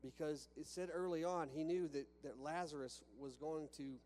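A man's voice: fairly high pitch, moderate pace, a little mellow. A man preaching a sermon to a congregation in a church, talking conversationally with restarts and rhetorical questions. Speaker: pastor. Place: church sanctuary with a balcony. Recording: long reverb from a church hall with faint hum.

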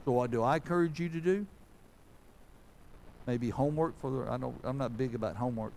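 A man's voice: mid-range voice, fairly quick, gravelly, darkish tone, a little hiss or hum. A man, a pastor giving a folksy, conversational sermon that builds to fervent preaching.

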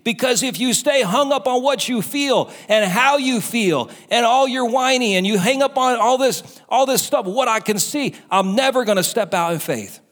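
A pastor preaching a sermon and acting out the voices of doubters and the devil. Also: male voice, very high voice, fairly bright tone.

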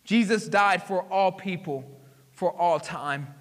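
High bright preacher in a big hall. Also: male voice, slow. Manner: dramatic storytelling, swinging from hushed to emphatic. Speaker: pastor. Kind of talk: sermon. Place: church sanctuary.

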